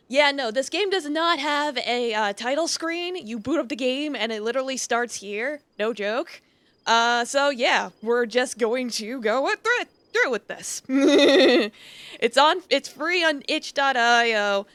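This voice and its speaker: A woman's voice: on the high side, fairly bright tone, smooth, no room sound. A woman streamer chatting with viewers and reading a game aloud, giggly and chatty. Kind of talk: casual gaming commentary and reading aloud.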